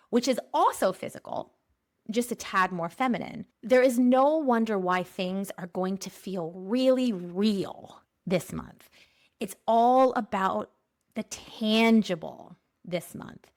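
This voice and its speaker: A woman from Pennsylvania hosts a spiritual forecast podcast in a slightly high voice. She talks playfully, laughs often and slows down to stretch out her key phrases. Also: a little mellow. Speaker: podcast host. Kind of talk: spiritual energy forecast monologue.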